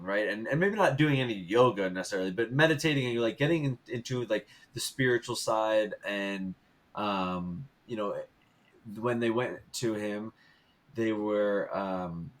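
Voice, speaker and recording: Low-voiced man hosting a podcast. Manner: thoughtful, rambling, many fillers. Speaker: podcast host. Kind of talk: casual podcast interview.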